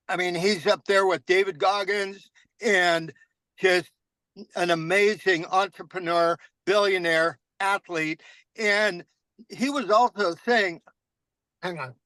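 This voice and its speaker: Bright, high-voiced man telling a story. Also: no echo, low-quality recording. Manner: earnest storytelling, repeats key phrases. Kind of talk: casual group call sharing.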